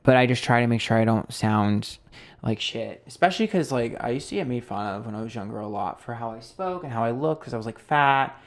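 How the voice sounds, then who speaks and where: A man's voice: mid-range voice, expressive, brisk. A man in his thirties with a New York accent, chatting on a live stream and reading viewer comments aloud. He talks loosely and candidly, swearing freely, with plenty of fillers. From Queens, New York. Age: 30s. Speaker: psychic tarot reader streaming live.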